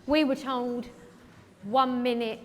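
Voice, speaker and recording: A woman's voice: fairly high pitch, fairly even intonation, takes it slowly. A woman hairdresser giving a live styling demo, chatty and rambling with lots of fillers, in a large event hall. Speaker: hairdresser educator. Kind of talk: live hair demonstration with chat. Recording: echoey hall with faint background noise.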